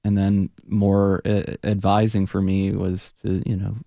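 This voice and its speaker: This low-pitched punk rock frontman, who also teaches Buddhism, talks unhurriedly with a completely flat delivery, vocal fry and a warm tone. In a reflective radio studio conversation he speaks earnestly, frequently restarting and trailing off as he hunts for words. There's no echo.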